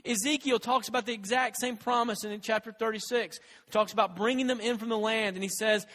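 A man's voice: high-pitched, fairly even intonation, brisk, hardly any pauses, a bit bright, in a large hall. A man preaching a conversational sermon as a pastor, with fillers and restarts and rising intensity on quoted scripture.

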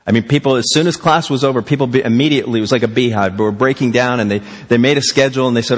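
Preacher in a reverberant hall. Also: male voice, medium pitch, rapid-fire, few pauses. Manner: animated, rhetorical questions, acts out quotes. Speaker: pastor. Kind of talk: sermon.

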